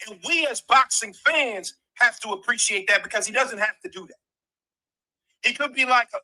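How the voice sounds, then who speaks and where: A man's voice: high voice, sharp tone, low-quality recording. A man co-hosting a livestream, interviewing a guest in an earnest, slightly formal way. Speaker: co-host interviewer.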